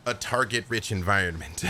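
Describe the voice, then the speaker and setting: A man's voice: fairly low pitch, moderate pace, pushed and bright, a little hiss or hum. A man narrating a tabletop game as game master in a laid-back way, with fillers.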